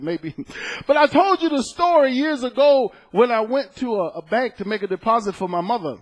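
A man preaching a sermon as pastor, telling a personal story, swinging between loud exclaiming and soft, hushed storytelling. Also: high voice, lively intonation, brisk.

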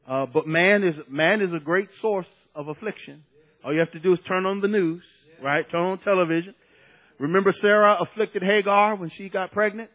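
A man's voice: sits high, a bit bright, poor audio. A man preaching a sermon, conversational and at times emphatic, drawing out key phrases.

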